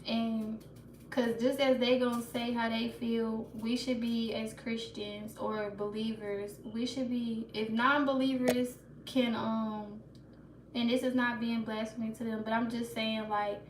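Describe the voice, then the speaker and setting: A woman livestream host chats to her viewers, laughs nervously and restarts her lines. She speaks a little slowly in a fairly high, level voice. The background is noisy, with roomy echo, faint ambience and a mic placed a bit far away.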